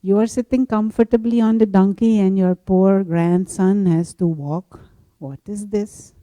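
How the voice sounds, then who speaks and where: A woman's voice: medium pitch, steady tone, a little slow, warm tone, no echo, natural voice, rough recording. A woman voicing a group of nosy street philosophers who scold a passerby with indignant questions.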